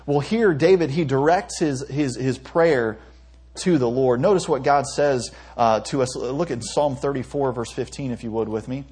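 Young male pastor, husky voice, casual sermon, stumbles and chuckles. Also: mid-range voice, moderate pace, a little mellow. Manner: conversational preaching with stumbles and self-amused laughs.

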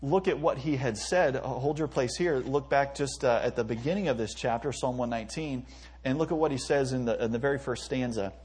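A man with a husky voice delivers an earnest sermon. He reads scripture aloud and acts out heartfelt prayers in between, at a middle pitch. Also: brisk, darkish tone. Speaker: preacher. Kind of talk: sermon to youth.

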